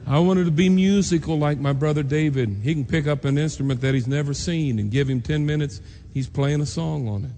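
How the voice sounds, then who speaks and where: A man's voice: a little high, a little fast, hardly any pauses, mellow. A man preacher telling a personal story in an earnest, emotional sermon, acting out the voices of people he quotes. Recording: long reverb in a large hall, faint noise.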